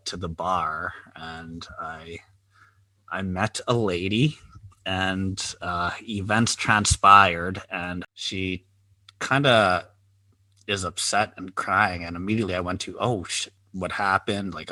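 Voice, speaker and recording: A man's voice: sits low, pushed and bright, dry recording. A Canadian man hosting a podcast, chatting casually and teasing his guest over a remote call. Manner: laid-back, teasing, laughs often. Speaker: podcast host. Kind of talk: casual chat.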